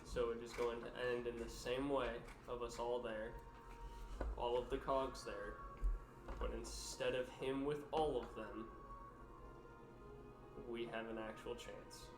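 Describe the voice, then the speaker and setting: A man's voice: mid-range voice, steady tone, unhurried, pauses often. A man playing a tabletop game, joking and laughing playfully. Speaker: player. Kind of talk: casual tabletop play. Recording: roomy echo with music.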